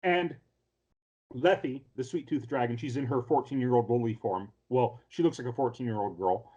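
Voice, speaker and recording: A podcast co-host recaps an anime episode casually and in a rambling way, full of ums and restarts. His medium-pitched voice is mellow and husky at a moderate pace, and the audio sounds dull.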